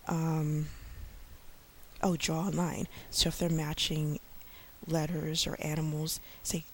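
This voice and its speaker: A woman in her thirties talks through teaching tips in a relaxed, rambling way, full of ums and slow, deliberate demonstrations. Her voice has a gravelly, fried edge. A faint hiss sits under the recording. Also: low-pitched. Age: 30s. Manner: chatty, many fillers, slows to model speech for kids. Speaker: online English teacher. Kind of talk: casual tips vlog.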